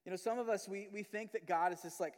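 A man's voice: high-pitched, quick pace, long reverb tail. A man giving a sermon as pastor in a church, talking conversationally and acting out quoted prayers and voices. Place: church sanctuary.

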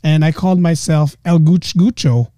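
A man's voice: a little high, normal speed, no room sound, studio quality. A man hosting a podcast, telling funny stories in casual chat and laughing often. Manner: laughing storyteller, animated asides. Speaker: podcast host.

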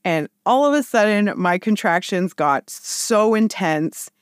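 A woman in her thirties telling a personal story in casual chat, with lively, animated quoted voices. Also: medium pitch, measured pace, smooth, no room sound, clean studio sound. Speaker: podcast guest.

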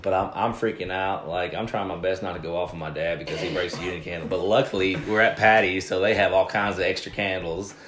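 A man who is a pastor, chatting as a podcast guest and telling stories in an animated way. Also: sits low, quick pace, hardly any pauses, noisy background. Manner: animated storyteller. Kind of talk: casual interview chat. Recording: echoey room.

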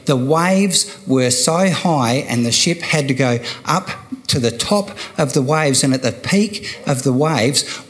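An older man preaching a sermon, slow and emphatic, repeating key phrases for weight. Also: medium pitch.

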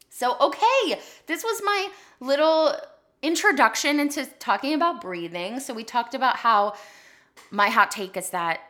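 A woman hosting a podcast, teaching a casual spoken singing lesson in a chatty, animated way with lots of "like" fillers. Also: mid-range voice. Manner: chatty and animated, drifts into short sung demonstrations; frequent "like" fillers.

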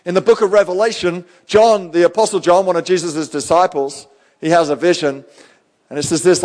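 A male pastor preaches with fervor in a slightly high voice. He swings between loud, urgent lines and hushed ones. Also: fairly even intonation, normal speed. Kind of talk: live sermon.

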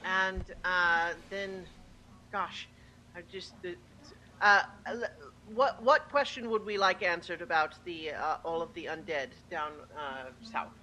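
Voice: mid-range voice, slow pace, sharp tone, a little hiss or hum, low-quality recording. A player in a tabletop game who plans the group's next move and stops often to search for words. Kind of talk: tabletop game planning chat.

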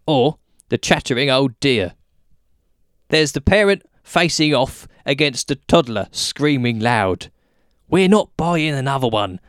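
A man's voice: medium pitch, a bit bright, no echo, clean studio sound. A British man hosting a podcast and reading his own comic rhyming poem in a wry, self-mocking way. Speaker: podcast host.

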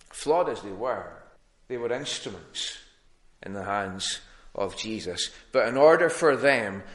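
A man's voice: mid-range voice, a bit bright. A middle-aged man, a pastor, preaching an earnest, plain-spoken sermon with frequent restarts.

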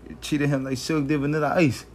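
A man's voice: a little high, little pitch movement, fairly quick. Slangy New man joking on a podcast. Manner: loose, joking, heavy slang. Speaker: podcast co-host. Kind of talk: casual podcast banter.

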